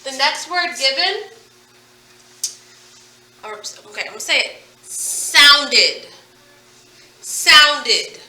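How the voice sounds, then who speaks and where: A woman's voice: sits high, expressive, unhurried, pauses often, pushed and bright, distant mic. A woman teaching a phonics lesson, patiently drilling words and asking questions. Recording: echoey room, away from the mic.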